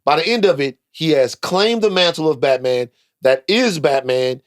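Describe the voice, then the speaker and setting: A man's voice: on the high side, expressive, moderate pace, no room sound. Man, podcast co-host, insistent, repeats himself, dry close sound. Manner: insistent, repeats points, many restarts. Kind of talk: casual chat.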